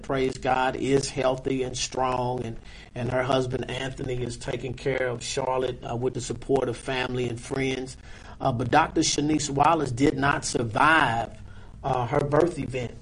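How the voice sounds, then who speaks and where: Pastor guy, husky voice, earnest and halting, lots of uh's. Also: mid-range voice, little pitch movement, rough recording. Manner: measured, halting speech with many "uh" fillers. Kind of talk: interview guest, earnest testimony.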